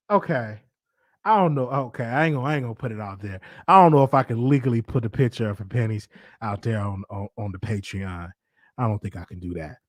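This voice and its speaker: Man, show host, rambling casual livestream talk, mid-pitched, dry close sound. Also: fairly quick, no room sound. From Dallas, Texas. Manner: rambling, animated, talks to himself aloud.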